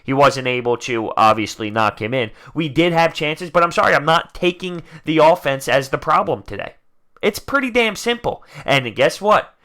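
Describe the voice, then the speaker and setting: A man ranting as host of a fan reaction video, frustrated, dropping into low grumbles and then breaking into loud outbursts. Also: expressive, moderate pace, few pauses. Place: indoors, talking to camera.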